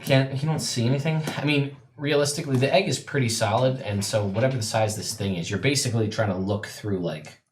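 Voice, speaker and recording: A man acting as dungeon master, narrating a tabletop game in a relaxed, joking way with many fillers. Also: mid-range voice, fast talker, few pauses, slight background noise.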